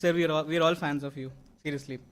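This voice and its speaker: This young man's voice sits a little high, holding a steady tone as he races through his words. He's an award-winning graduate giving a sincere convocation speech in a large hall, stumbling over fillers and restarts along the way.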